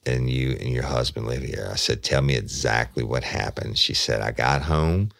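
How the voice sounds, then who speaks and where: A man's voice: a bass voice, steady tone, moderate pace, vocal fry, a bit bright, no room sound, clean studio sound. A man, a former detective, telling a true crime story in a folksy way and replaying the dialogue line by line. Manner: folksy, retells dialogue with repeated "I said".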